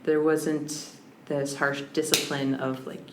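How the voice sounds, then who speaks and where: A woman's voice: deep voice, steady tone, measured pace, gravelly. A woman guest on a podcast, a language scholar, talking in a reflective, searching way with frequent restarts. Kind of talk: reflective conversational interview. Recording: roomy with faint background hiss.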